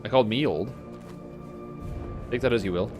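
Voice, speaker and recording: A man's voice: mid-range voice, normal speed. A man in his twenties streaming a game, rambling casually, swearing and chatting to his viewers. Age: 20s. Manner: rambling, swearing, talks to himself and chat. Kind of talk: casual gaming commentary. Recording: music playing behind.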